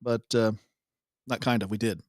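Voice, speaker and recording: A man co-hosting a devotional show, reading a Bible passage and joking around in a relaxed, casual chat. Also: lowish voice, moderate pace, no room sound, studio quality. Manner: laid-back, jokey, laughs often.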